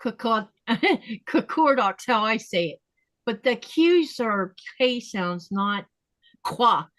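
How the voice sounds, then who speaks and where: A woman hosting a casual podcast chat, talking easily and slowing down to spell out how words are said. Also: fairly high pitch, animated, a bit bright, dry recording. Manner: chatty, explains pronunciation slowly and repeats words. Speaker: podcast host.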